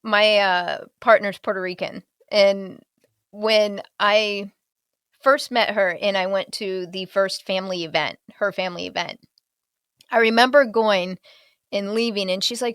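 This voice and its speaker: A woman hosting an interview, who talks in an animated way, chuckles often and restarts her sentences. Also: mid-range voice, a little slow, clean tone, dry recording, studio quality. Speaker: host. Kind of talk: conversational interview.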